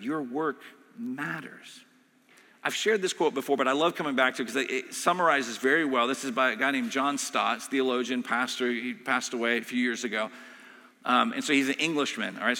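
A man preaches a sermon in a bright, clear voice. He talks to the congregation in a loose, conversational way and keeps checking in with "right?" The sound rings on in a large hall. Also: medium pitch. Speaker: pastor.

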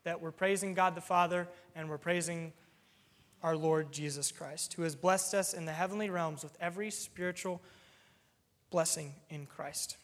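A man delivers a sermon in an earnest, teaching manner, pausing now and then with an "um". His voice sits high for a man. The sound carries a long reverb from a large hall. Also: steady tone, a bit bright. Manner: earnest, explaining with plain examples, occasional "um". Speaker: preacher.

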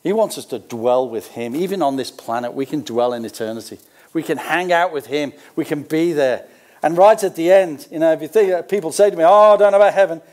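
A man's voice: a little high, fairly quick, warm tone. An older man with an Australian accent, preaching a sermon as pastor, mixing scripture readings with folksy, conversational asides.

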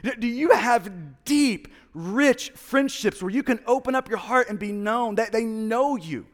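An earnest man in his thirties preaching a sermon with a high voice. He repeats words and restarts his sentences as he goes. His voice carries a long reverb, as if from a large church hall. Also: expressive, unhurried. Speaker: pastor.

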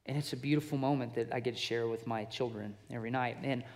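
A man in his thirties preaching to men, telling a family story in an earnest, conversational way that builds into forceful preaching. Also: mid-range voice, steady tone, quick pace. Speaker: pastor. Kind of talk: sermon to men, personal storytelling.

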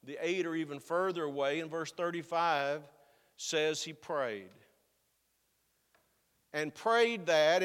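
A man's voice: fairly high pitch, fairly bright tone. Earnest male pastor in a reverberant hall. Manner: earnest, building to slow emphatic stresses. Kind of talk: sermon.

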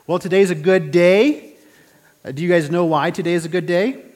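A man preaching a sermon in a relaxed, conversational way, asking rhetorical questions and often restarting his phrases. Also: high voice, moderate pace. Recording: reverberant hall.

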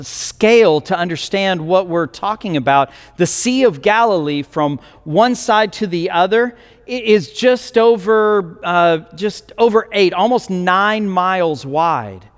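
A man's voice: high voice, lively intonation, takes it slowly, smooth, big-room sound. A male pastor telling a scripture story in a sermon, with many restarts and fillers.

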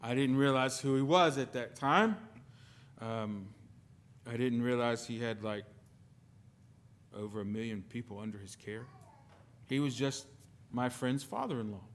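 A man preaching a sermon as pastor, telling stories with sudden swings between loud and soft. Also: medium pitch, a little slow, long pauses. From lived in the United Kingdom.

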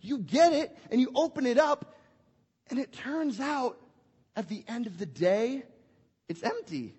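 Young man, pastor, family sermon, husky high voice, playful, church hall with long reverb. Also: unhurried, lo-fi sound. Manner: energetic and playful, acting out scenes.

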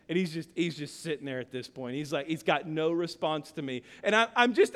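A man in his thirties preaching a sermon as pastor, impassioned, dropping quiet and then building to shouts. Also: on the high side, lively intonation, moderate pace, hardly any pauses. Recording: long hall reverb.

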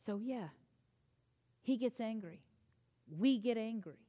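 A woman pastor delivering a sermon in church, earnest and emphatic, rising in intensity and then easing into softer, reassuring passages. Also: a little high, expressive, slow.

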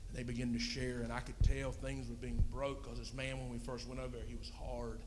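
A man's voice: medium pitch, flat delivery, brisk, background noise. A man preaching a sermon, telling a story in a folksy, plain-spoken way. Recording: long reverb in a hall.

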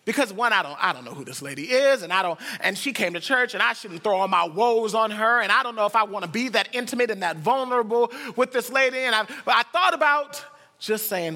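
High, bright-voiced preacher in a hall. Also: male voice, fast. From United States. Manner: storytelling, swings from hushed to excited. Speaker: pastor. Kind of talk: sermon.

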